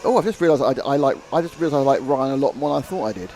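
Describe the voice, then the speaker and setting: A man's voice: medium pitch, animated, rapid-fire, dark tone. A man commentating a live race, chatting, joking and reading out viewer comments.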